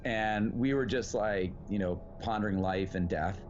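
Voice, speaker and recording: A man telling a long anecdote in a relaxed, casual way, rambling with many fillers and the odd swear word. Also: on the low side, unhurried, over music. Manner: rambling, lots of "like" and "you know", swears freely. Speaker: actor guest. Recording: dull lo-fi sound.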